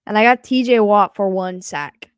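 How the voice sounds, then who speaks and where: A woman co-hosting a live game reaction stream, calling plays with excitement and laughing often. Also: mid-range voice, moderate pace, smooth, no room sound. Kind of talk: live play-by-play and casual reaction.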